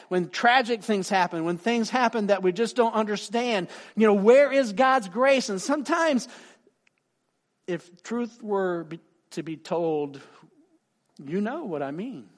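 A man preaching a sermon, telling a story with lively voices for the people he quotes and dropping soft and quiet for emphasis. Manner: animated, acts out quoted people with big pitch swings. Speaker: pastor.

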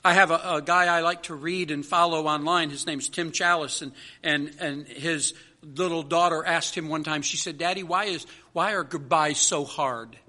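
Bright high-voiced preaching man. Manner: rhythmic preaching with repeated lists and slowed emphasis. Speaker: pastor. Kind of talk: sermon.

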